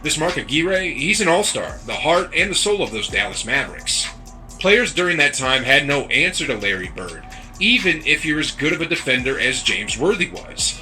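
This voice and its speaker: A man's voice: a little high, very animated, moderate pace, pushed and bright, faint music behind. Male narrator reading a sports story. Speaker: video narrator. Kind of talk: scripted narration.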